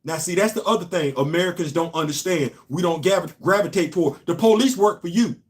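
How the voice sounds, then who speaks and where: A middle-aged man from New York hosting a casual opinion show, talking emphatically and swinging between loud points and low asides. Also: a little fast. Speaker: host.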